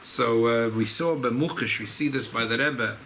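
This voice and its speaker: A rabbi, speaking informally at a farbrengen gathering, often repeating and restarting phrases. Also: male voice, mid-range voice, normal speed, bright, forceful tone, slight background noise, poor audio. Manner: repetitive, restarts phrases, mixes Yiddish and Hebrew terms. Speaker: rabbi giving a farbrengen talk. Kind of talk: informal Chassidic talk at a gathering.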